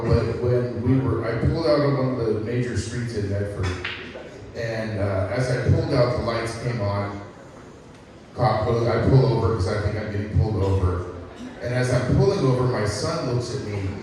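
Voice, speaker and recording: A man's voice: mid-range voice, mellow. A middle-aged man doing a stand-up set, telling profane stories about his son and chatting with the crowd. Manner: profane storytelling, crowd work. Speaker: stand-up comedian. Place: comedy club stage. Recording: echoey hall from far off with crowd.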